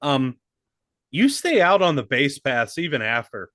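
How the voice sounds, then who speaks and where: Animated man, dry close sound. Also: medium pitch, a little slow, no echo. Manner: emphatic, excitable, swears freely. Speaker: podcast co-host. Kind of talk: casual chat.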